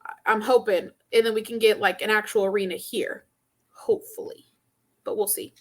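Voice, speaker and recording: A woman's voice: mid-range voice, steady tone, normal speed. A woman from Arkansas co-hosting a casual sports podcast, blunt and opinionated. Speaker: podcast co-host.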